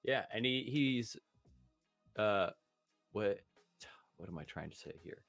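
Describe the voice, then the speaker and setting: A young man in casual podcast chat, easygoing and rambling, often pausing to search for words. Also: on the low side, lively intonation, creaky, fairly bright tone, dry recording, soft background music.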